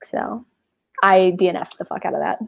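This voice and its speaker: A Texan woman in her twenties, with a low-ish, creaky voice and normal speed, hosts a book club livestream over a video call. She chats casually, rambling and poking fun at herself in her Texan accent.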